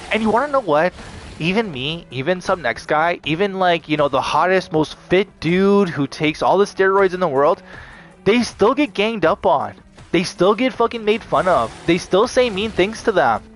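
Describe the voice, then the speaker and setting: Man ranting to camera, fairly high voice, swears a lot, says like constantly, faint music underneath. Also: expressive, normal speed. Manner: heated, swearing, heavy use of "like". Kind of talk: profane unscripted rant to camera.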